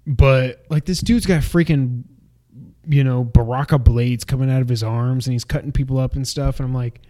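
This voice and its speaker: A man co-hosts a casual gaming podcast. His pitch sits in the middle of the range. He rambles, cracks jokes and laughs at his own asides. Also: fairly even intonation, normal speed, warm tone. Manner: jokey, rambling, laughs at himself. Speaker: podcast co-host.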